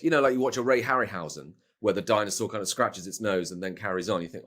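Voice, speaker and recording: A man's voice: on the low side, lively intonation, fast, few pauses. A middle-aged British man, a voice actor, chatting casually in an interview, rambling with restarts and playful asides. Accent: British English. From Britain. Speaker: voice actor guest.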